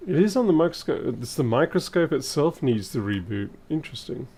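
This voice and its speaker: A man thinking aloud in casual live-stream commentary as he repairs electronics, his voice a little hoarse and wavering. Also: mid-range voice, mellow. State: slightly hoarse. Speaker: repair technician livestreaming.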